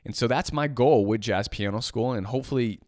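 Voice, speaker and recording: A man's voice: mid-range voice, a little fast, a little mellow, dry recording, studio quality. A man hosting a podcast, talking about teaching jazz piano in an emphatic, impassioned monologue that circles back and repeats itself. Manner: passionate, emphatic, ranting with repetitions.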